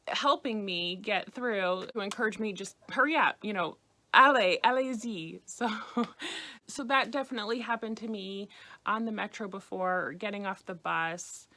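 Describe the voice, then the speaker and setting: An American woman giving a casual lesson, saying each phrase slowly and repeating it clearly. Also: medium pitch, fairly bright tone. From United States. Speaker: French teacher for travelers.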